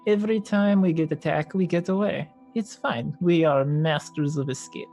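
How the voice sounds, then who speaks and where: A woman voicing a calm male companion in a tabletop game, halting and reassuring. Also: sits low, faint music behind.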